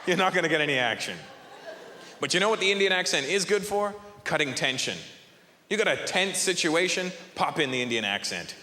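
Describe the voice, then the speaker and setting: A young man works a comedy club stage with a bright, lively delivery, punching his lines and laughing at his own jokes. The handheld stage mic picks up a big echoey hall and faint crowd ambience behind him. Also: a little high, brisk. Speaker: stand-up comedian. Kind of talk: live stand-up set.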